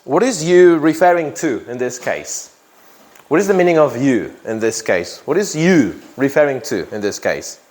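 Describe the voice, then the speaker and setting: A man's voice: mid-range voice, very animated, moderate pace, darkish tone. A man teaching an English grammar lesson to a class, who repeats key phrases and often checks in with "yeah?".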